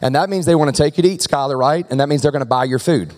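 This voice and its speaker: Guy preaching to his church, chatty and animated, lots of how-many-know questions, big hall echo. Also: a little high, very fast. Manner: animated, conversational preaching with rhetorical questions to the crowd. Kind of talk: sermon. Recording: long reverb of a large hall.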